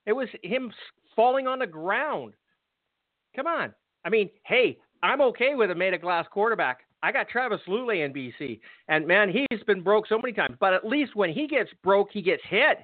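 A man's voice: high voice, expressive, normal speed, no room sound. A man hosting a football podcast, ranting angrily and sarcastically with lots of swearing. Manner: angry, profane, sarcastic ranting. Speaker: podcast host. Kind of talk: ranting sports talk. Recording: tinny phone-like audio.

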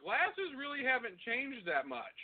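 A man's voice: extremely high pitch, huge pitch swings, a little slow. A middle-aged man co-hosting a casual chat over the phone, laughing often and swearing freely. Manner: laughs often, loose and profane. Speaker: podcast co-host. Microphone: phone call. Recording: tinny phone line.

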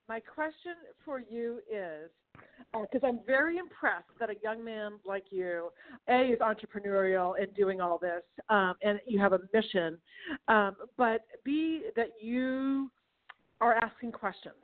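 A woman hosting a casual radio interview, telling a story with lots of energy, giggling and acting out the voices. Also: medium pitch. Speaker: chamber of commerce host. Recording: tinny phone-like radio audio.

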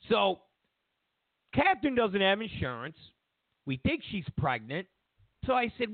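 Male talk host, casual rambling storyteller, very expressive pitch, phone-thin sound. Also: a little slow, vocal fry, long pauses, no echo. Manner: animated storytelling with restarts. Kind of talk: casual monologue. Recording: tinny phone-like audio, dry.

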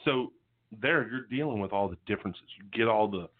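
A man's voice: on the low side, a little fast. A man in his fifties from southern Mississippi with a Southern American accent, joking and telling stories in casual chat. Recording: tinny phone-like audio.

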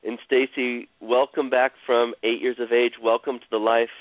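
A man guiding a caller through an emotional healing session, speaking slowly and soothingly and repeating phrases. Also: mid-range voice, flat delivery, no echo. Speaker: healer guiding a caller on a radio show. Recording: dry, tinny phone-like radio sound.

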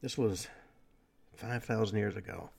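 A man hosting a talk radio show, delivering a lecturing monologue with frequent pauses and fillers. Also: lowish voice, steady tone, creaky, heavy background noise.

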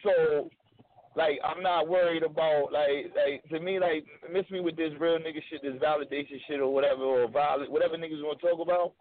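A man's voice: a little high, fairly even intonation, brisk. A man guesting on a radio show, telling his side in a blunt, emphatic way and repeating points for stress. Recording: phone-like narrow sound.

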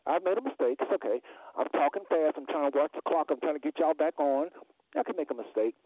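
Host type, male, fairly high voice, fast-talking storyteller, tinny phone line, dry. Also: animated, dry recording. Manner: fast storytelling, acts out dialogue in a raised voice. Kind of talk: hosting a phone-in discussion.

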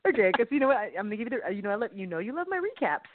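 A woman co-hosting a faith podcast, telling stories in a lively way and laughing often. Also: a little high, rapid-fire. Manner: animated storytelling, laughs often. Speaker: podcast co-host. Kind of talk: casual faith chat. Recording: dry phone-like line.

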